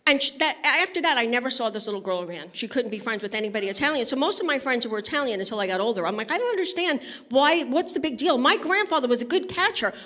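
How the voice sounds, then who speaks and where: A Brooklyn, New York stand-up comedian performs a set at a benefit concert on a live studio stage. Her voice sits slightly high and sounds sharp, animated, and fast, with hardly any pauses. Brassy and conversational, she keeps checking in and bantering with the crowd.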